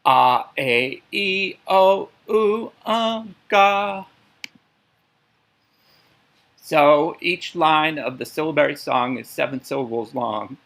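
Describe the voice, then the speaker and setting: A man's voice: medium pitch, gravelly, a bit bright, poor audio. A man giving a methodical language lesson, pronouncing syllables one by one. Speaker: language teacher. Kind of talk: instructional lecture.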